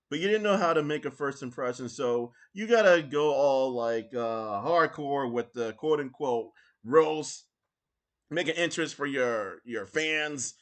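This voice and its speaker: A man's voice: a little high, fairly bright tone. A man giving a sarcastic, mocking reaction commentary, swearing and mimicking the voices of others. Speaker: commentary YouTuber.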